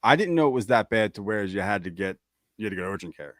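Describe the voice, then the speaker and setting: A man's voice: fairly low pitch, lively intonation, fast, fairly bright tone, no room sound, studio quality. A man co-hosting a casual chat show, reacting with frequent exclamations. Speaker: podcast co-host.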